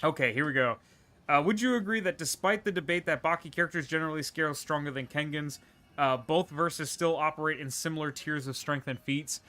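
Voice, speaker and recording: A man's voice: on the high side, brisk, pushed and bright. A man streaming a video game live, chatting casually, laughing often and answering viewer questions as he plays. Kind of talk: livestream gameplay commentary and chat replies.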